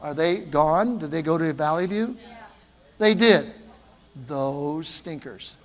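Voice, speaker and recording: An older man preaching a sermon, telling stories in an animated way and calling out to the congregation. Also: on the high side, a little slow, long reverb tail. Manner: animated storytelling, calls out to the congregation. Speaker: pastor. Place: church.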